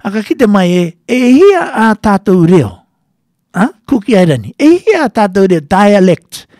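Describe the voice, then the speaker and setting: Playful high-voiced man radio host. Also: a little mellow, no room sound, clean studio sound. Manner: playful, teasing, code-switching. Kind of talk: casual radio talk with a listener quiz.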